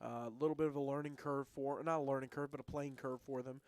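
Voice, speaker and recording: A man co-hosting a casual high school football radio show, a former player who talks in a chatty, rambling way and teases his co-host. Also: steady tone, quick pace, no echo. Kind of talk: casual sports talk.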